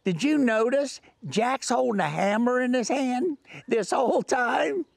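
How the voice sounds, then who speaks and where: A man's voice: very high voice, lively intonation, measured pace, gravelly, no room sound, clean studio sound, voice pushed up, heavily acted. A man doing a breezy store clerk. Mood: pointed. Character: man behind a store counter, calming things.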